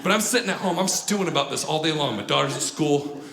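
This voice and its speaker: A man in his thirties performs stand-up on a comedy club stage, acting out voices and checking in with the crowd. He talks fast with a fairly high pitch and vocal fry, and the roomy stage carries loud audience laughter.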